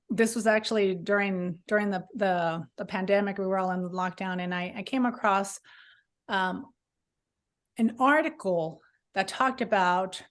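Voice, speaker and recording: Earnest rambling woman telling her story. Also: medium pitch. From Southern California. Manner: earnest, rambling, many restarts and fillers. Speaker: author guest. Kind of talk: personal testimony in an interview.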